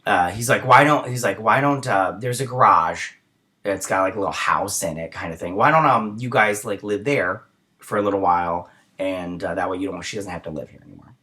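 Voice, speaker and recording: A man's voice: low voice, brisk, pushed and bright. Rambling man recapping a TV episode. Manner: rambling retelling with many fillers. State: tired early in the morning. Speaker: host reviewing a TV episode. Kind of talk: casual recap and review.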